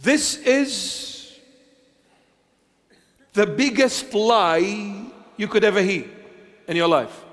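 A man with a high, animated voice preaches a bishop's sermon slowly and emphatically. Rhetorical questions punctuate his delivery, which swings from hushed to loud, and the room sounds large.

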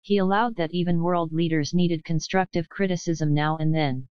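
A woman narrating a novel as an audiobook in an even, measured first-person reading. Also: lowish voice, clean tone, dry recording, lo-fi sound.

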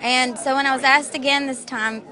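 High-voiced playful Southern woman. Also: steady tone, normal speed. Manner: playful, folksy, jokey. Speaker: celebrity contestant. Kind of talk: casual red-carpet interview. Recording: loud crowd chatter behind.

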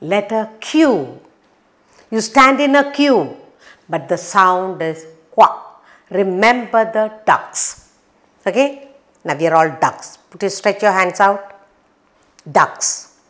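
A woman with an expressive, slightly bright mid-range voice teaches phonics to young children. She says each word slowly and clearly, with a playful sing-song and sound effects.

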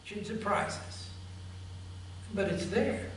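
A man's voice: sits high, expressive, slow, fairly bright tone, slight background noise. A male pastor preaching a sermon emphatically and addressing the congregation directly, recorded in a church sanctuary from a distance. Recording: echoey church from far off.

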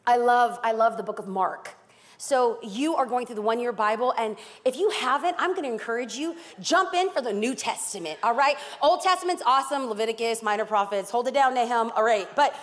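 High-pitched lady pastor from east LA preaching, big dramatic delivery, long echo in the hall. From East Los Angeles, California. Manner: emphatic, dramatic, playful asides. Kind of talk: sermon.

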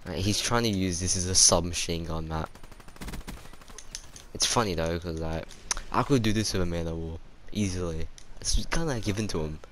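Low-voiced man calling his own gameplay. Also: normal speed, fairly bright tone, slight background noise. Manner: reactive, chatty, exclaims at kills and deaths. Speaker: gaming YouTuber. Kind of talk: live gameplay commentary.

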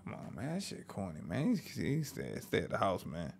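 A man's voice: low voice, wildly swooping pitch, fairly quick, creaky, very noisy. A man from Maryland with a Maryland accent, hosting a reaction video and commenting loosely in slang. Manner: loose slangy running commentary, riffing at the screen.

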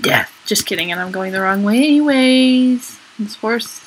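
A woman's voice: fairly high pitch, normal speed, slight background noise, rough recording. A young woman giving silly, playful commentary over her gameplay, with squealing exclamations. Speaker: gaming YouTuber. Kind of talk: let's play commentary.

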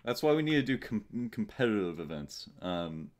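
A man's voice: lowish voice, sing-song, normal speed, darkish tone. A man hosting a group voice call while playing a game, laid-back and often laughing. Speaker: streamer hosting the server. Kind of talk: casual gaming chat on a voice call.

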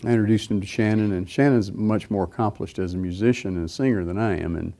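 A man's voice: on the low side, fast talker, mellow. A middle-aged man preaching, telling a personal story in a rambling way with many fillers and restarts. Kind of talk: sermon testimony.

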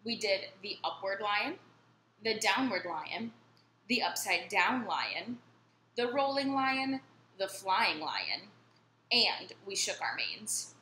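A woman reads a picture book aloud to children in a friendly, lively way. Her voice is bright and forward, set in an echoey room with a faint hum of noise underneath. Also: medium pitch, slow pace. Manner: friendly, lively storyteller addressing kids. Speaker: children's story reader. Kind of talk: storytime read-aloud.

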